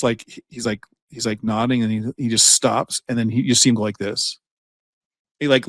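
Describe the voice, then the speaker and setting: A man co-hosting a podcast, telling a long, profane workplace anecdote in a casual, animated way. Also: medium pitch, no room sound. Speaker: podcast co-host. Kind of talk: casual storytelling chat.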